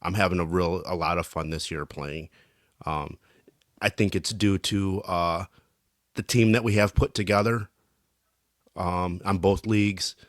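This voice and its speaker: A man co-hosting a casual podcast, telling animated hockey stories and mimicking teammates in goofy voices. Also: low-pitched, measured pace, long pauses, no room sound, studio quality. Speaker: podcast co-host, hockey player. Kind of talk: casual banter.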